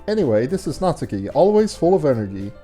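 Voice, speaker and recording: A man voicing a cheerful, energetic schoolgirl while reading a game's dialogue aloud. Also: fairly high pitch, quick pace, soft background music, voice pushed up. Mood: eager. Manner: bubbly, eager.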